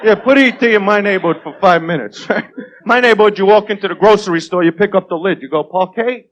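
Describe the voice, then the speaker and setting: A man with a high-pitched voice delivers a brash, crude stand-up routine from a comedy club stage. He swaggers through the material and keeps asking "right?". The sound comes from an old 1980s TV tape, with a steady hiss behind it. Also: quick pace, lo-fi sound.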